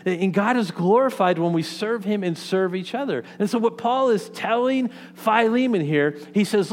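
A man's voice: high-pitched, lively intonation, moderate pace, few pauses, a little mellow. A man preaching a sermon in a conversational way, often checking in with "okay?" and "right?" and restarting his sentences. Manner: frequent restarts and repeated words. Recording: long hall reverb.

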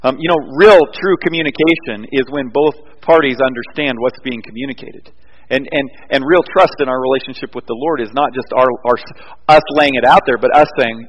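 A man's voice: mid-range voice, brisk, husky, long reverb tail, muffled recording. A man preaching a sermon as pastor, telling stories in an earnest way and building to emphatic peaks. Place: church.

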